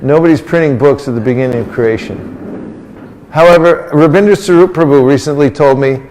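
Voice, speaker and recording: A man teaching a group in a playful sermon, his voice sitting a bit higher than most men's. He keeps coaxing the listeners to answer him back, teasing them when they are slow. A long reverb trails every phrase from a big hall. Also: darkish tone, a little hiss or hum. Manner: coaxing the audience into call-and-response answers. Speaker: religious teacher.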